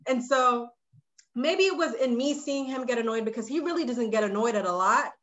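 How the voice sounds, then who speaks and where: A woman who runs a short-term rental, telling a story in a casual podcast chat and getting animated when she quotes people. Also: on the high side, a little fast.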